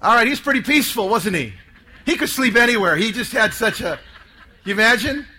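Male preacher, very high and bright tone, emphatic sermon, call-and-response. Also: lively intonation, a little fast, a little hiss or hum.

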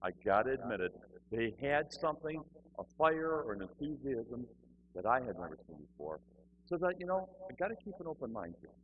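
A man's voice: medium pitch, fairly quick, narrow, tinny audio, a little hiss or hum. A middle-aged man telling a humorous personal testimony, acting out the people in his story as he goes. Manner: animated, acts out other people's voices.

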